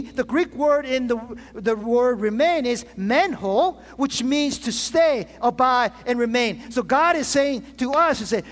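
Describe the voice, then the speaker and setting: A man's voice: very high-pitched, lively intonation, a little slow, few pauses. A man pastor preaching a sermon to his congregation, asking for call-and-response amens and often restarting his phrases. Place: church sanctuary. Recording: long reverb of a large hall.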